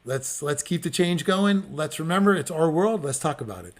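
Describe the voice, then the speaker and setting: A man's voice: on the high side, expressive, normal speed, few pauses. A man hosting a podcast in casual livestream talk, answering listeners and making earnest, rallying appeals with many ums and restarts. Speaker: podcast host.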